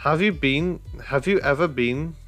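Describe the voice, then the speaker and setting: A man voicing an eager, dreamy young girl with high, breathless questions, reading a storybook aloud. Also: unhurried, fairly bright tone, faint music behind.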